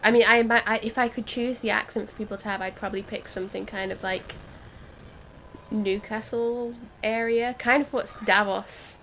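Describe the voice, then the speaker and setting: A woman's voice: medium pitch, steady tone, moderate pace, a bit bright, a little hiss or hum. A woman co-hosting a game stream, chatting casually in a rambling way with lots of fillers. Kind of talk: casual chat over a game.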